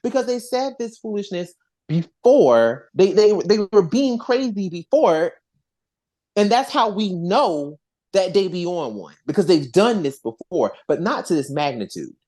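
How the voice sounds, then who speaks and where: Rambling, animated casual podcast host. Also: medium pitch, a little slow. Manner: animated, rambling, with frequent restarts and swearing. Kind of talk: casual chat.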